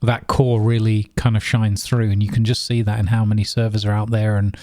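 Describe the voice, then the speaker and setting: A man's voice: fairly low pitch, little pitch movement, brisk, warm tone, no room sound, studio quality. A man co-hosting a casual gaming podcast, rambling along with lots of fillers and restarts. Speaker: podcast co-host.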